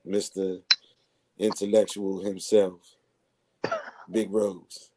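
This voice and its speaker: A man's voice: low-pitched, little pitch movement, takes it slowly, warm tone, slight background noise. A man hosting a laid-back online talk show, teasing his co-hosts in playful casual chat. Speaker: host.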